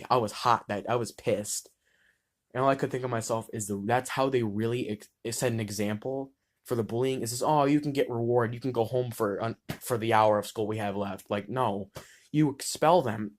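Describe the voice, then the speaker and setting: Heated, foul-mouthed teenage boy. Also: mid-range voice. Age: teens. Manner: blunt, heated, swears freely, restarts mid-word. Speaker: student vlogger. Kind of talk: impassioned personal monologue.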